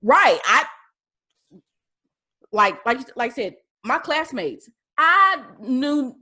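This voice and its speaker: A woman, co-hosting a podcast in casual chat, blunt and animated, swearing freely. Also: high-pitched, slow. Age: late 30s. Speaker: podcast co-host.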